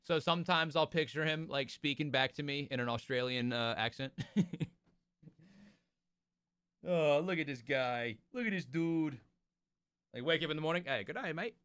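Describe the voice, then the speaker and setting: A man's voice: fairly high pitch, moderate pace, long pauses, a bit bright, smooth, no room sound. A young man streaming, chatting casually and rambling with his viewers, laughing often. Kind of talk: casual livestream chat.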